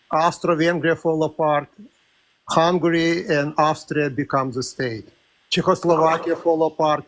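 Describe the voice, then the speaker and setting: A man calling in to a live stream, arguing a political point in steady, slightly broken English. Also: a little high. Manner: argumentative, measured, with non-native grammar. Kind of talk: political debate.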